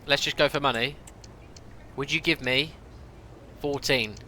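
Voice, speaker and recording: This is casual gameplay commentary from a young man streaming a football management game, chatting with viewers and breaking into rants and exclamations as he thinks aloud. His mid-range voice has a sharp, steady tone and a measured pace, over a little hiss or hum.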